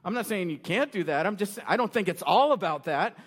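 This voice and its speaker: Pastor guy preaching, high voice, loud then quiet, lots of hall echo. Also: a little fast, breathy edge. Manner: animated preaching with sudden loud bursts and quiet drops. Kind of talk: sermon. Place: church sanctuary. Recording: long reverb of a large hall.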